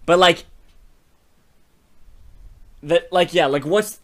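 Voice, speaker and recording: A man co-hosting a podcast, chatting casually as he brainstorms a story. He is animated, laughs often and keeps checking in with "you know what I mean". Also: a little high, slow pace. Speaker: podcast co-host. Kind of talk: casual creative brainstorming chat.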